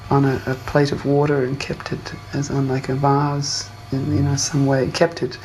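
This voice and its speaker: Soft-spoken older woman reminiscing. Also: extremely low pitch, completely flat delivery, slight background noise, rough recording. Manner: gentle, unhurried storytelling with small fillers. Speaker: interviewee. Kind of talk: reminiscing interview.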